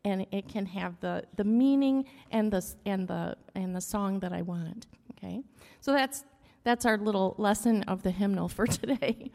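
Her voice is mid-range, gravelly and mellow, at a normal speed, as she leads the congregation through a casual hymn lesson. This church music leader hums beats and keeps asking "okay?" while explaining rhythm, all under a large room's long echo.

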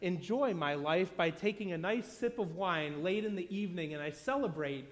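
A relaxed, plainspoken fisherman who is happy with a simple life, as a preacher puts him on. The voice sits high and carries a long hall reverb. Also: moderate pace, natural voice. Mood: contented. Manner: easygoing and plainspoken. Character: contented humble male village fisherman, unhurried.

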